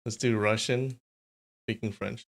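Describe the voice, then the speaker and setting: A man's voice: on the low side, steady tone, a little slow, vocal fry. A man hosting a live stream, chatting casually with his viewers and often laughing. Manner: chatty, amused, talks to chat.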